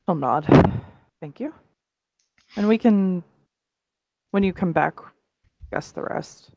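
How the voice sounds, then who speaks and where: A woman running a tabletop game as game master, giggly and animated. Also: fairly low pitch, takes it slowly, creaky, no room sound, lo-fi sound.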